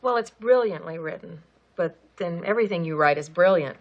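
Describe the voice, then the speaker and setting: A woman's voice: brisk, dull audio, close to an everyday voice. An actress playing a prim, doting middle-aged woman with a volatile temper, in a film scene. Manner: prim and sugary, then shrill and scolding. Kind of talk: film drama.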